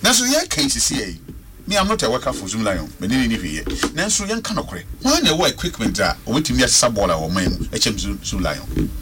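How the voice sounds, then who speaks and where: A man's voice: on the low side, wildly swooping pitch, quick pace, noisy background. Emphatic Ghanaian man calling in. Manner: emphatic, repeats words for stress. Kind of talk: passionate radio call-in commentary.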